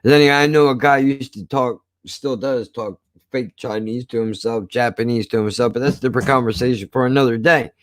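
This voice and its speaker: A man hosting a casual chat, talking in a blunt, profane and cynical way, his voice rough from years of smoking. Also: mid-range voice, fairly quick, dry recording. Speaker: host.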